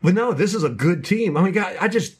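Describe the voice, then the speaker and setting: A man co-hosting a casual sports podcast, ranting passionately in fast bursts about his local team. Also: high voice, expressive, slightly rough. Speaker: podcast co-host.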